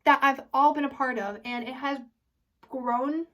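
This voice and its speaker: A high-pitched teenage girl chats casually to her viewers, rambling and often restarting sentences. She sits a little back from the microphone, so her voice sounds somewhat distant. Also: fairly even intonation, unhurried, fairly bright tone, highs cut off. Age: high school senior, about 18. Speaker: vlogger. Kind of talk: casual chat to camera.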